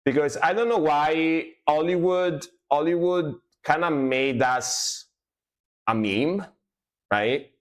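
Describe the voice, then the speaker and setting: A man's voice: on the high side, slow. A man from Italy with an Italian accent, a music reaction streamer chatting casually on a livestream, explaining at length with many fillers.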